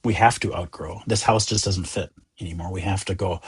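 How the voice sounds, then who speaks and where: A man from the United States, a Zen teacher talking as a guest in a gentle, earnest, reflective way. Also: low voice, fairly quick, hardly any pauses, slightly rough. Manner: earnest, gentle, animated, often voicing inner thoughts. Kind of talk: reflective conversation.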